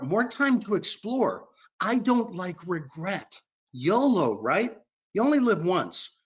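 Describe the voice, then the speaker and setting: A man training travel advisors in an upbeat, conversational way, stressing points with lifts in his voice. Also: highs cut off. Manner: upbeat, conversational, emphatic pitch. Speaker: cruise line sales trainer.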